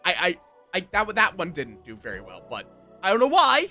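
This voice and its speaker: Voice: mid-range voice, huge pitch swings, fairly quick, bright, forceful tone, faint music behind. A streamer giving casual, enthusiastic live commentary over a game and playfully trying out silly voices.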